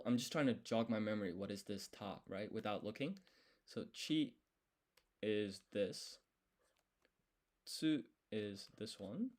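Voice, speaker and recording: A man's voice: on the low side, lively intonation, takes it slowly, long pauses, a little mellow. A man thinking aloud as he studies, explaining each step and quizzing himself under his breath. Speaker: language learner streaming his study. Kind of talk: thinking aloud while studying.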